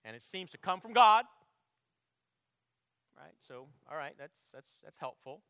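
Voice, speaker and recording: Male pastor, higher-pitched and bright, emphatic sermon delivery, dry close sound. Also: sing-song, a little slow, no room sound. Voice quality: clears throat often. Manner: emphatic preaching, swelling loud on quotes, dropping low to reflect.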